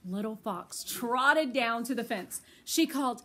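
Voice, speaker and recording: Grandma reading a picture book to little ones, high bright voice, slow and tender. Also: female voice. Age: older. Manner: tender, slow and expressive storytelling. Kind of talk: children's read-aloud.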